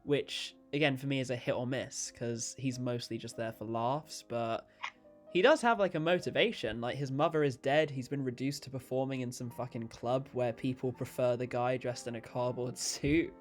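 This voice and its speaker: A man's voice: medium pitch, moderate pace. Brief: young male podcast host, casual chatty film talk, crude, laughs a lot, faint music behind. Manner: chatty, swearing, laughing often. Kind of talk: casual podcast chat about films.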